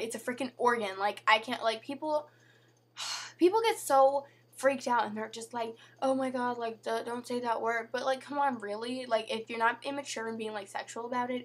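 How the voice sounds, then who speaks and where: A young woman vlogging in a casual chat to camera, chatty and full of "like" and "you know", her voice going hoarse. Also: fairly high pitch, a bit bright.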